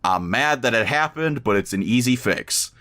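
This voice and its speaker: A podcast co-host with a mid-range, pushed, bright voice spins a long, meandering story at a moderate pace, sounding animated. He swears freely in the casual chat and keeps restarting his sentences.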